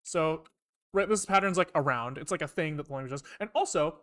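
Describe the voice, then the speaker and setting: A young man with a rather high voice talks through a live coding stream. He drifts from explaining code into animated, profane rants, loose and chatty throughout. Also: a little fast. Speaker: programmer streamer.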